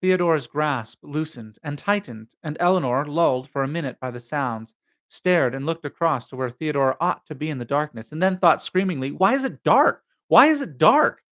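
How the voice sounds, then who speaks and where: A man's voice: fairly high pitch, fairly bright tone. A man hosting a live reading of a novel, narrating steadily and then musing about the story in casual asides. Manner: measured narration, then musing unscripted commentary. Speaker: host reading a novel aloud.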